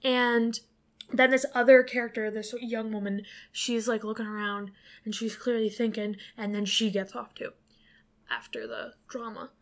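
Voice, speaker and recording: A woman's voice: fairly high pitch, normal speed. A woman co-hosting a podcast, recapping a movie in a rambling, casual way full of fillers and the odd swear. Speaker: podcast co-host.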